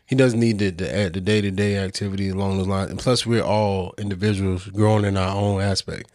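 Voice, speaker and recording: A low-pitched man co-hosting a podcast, his voice recorded close and dry. He repeats himself as he finds his words. He ends on pep-talk advice. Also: flat delivery, a little fast, darkish tone, dry recording. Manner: stammers and restarts, motivational. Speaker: podcast co-host. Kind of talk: casual chat.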